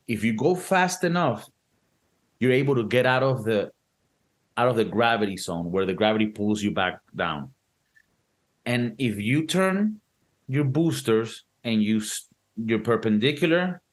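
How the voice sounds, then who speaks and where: Animated, profane young man reviewing a movie. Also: medium pitch. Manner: animated, profane, acts out quotes in voices. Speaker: podcast co-host. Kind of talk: casual movie review chat.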